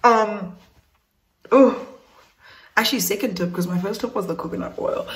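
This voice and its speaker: Young woman, South African accent, casual storytime vlog, animated, laughing, swears, mid pitch. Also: moderate pace. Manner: animated, laughing, swears, keeps addressing viewers. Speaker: beauty vlogger.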